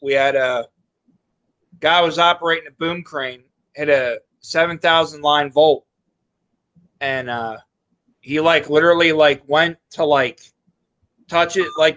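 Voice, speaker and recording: A man's voice: a little high, a bit bright. A man telling a work story in casual chat, bluntly, with lots of "like" and "literally".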